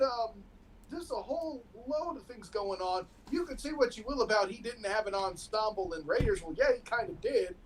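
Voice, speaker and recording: A man's voice: very high-pitched, slight background noise, low-quality recording. A male co-host on a live comedy podcast, speaking in a casual, chatty way. His delivery is sarcastic and teasing, full of playful digs at his partner. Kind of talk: casual banter.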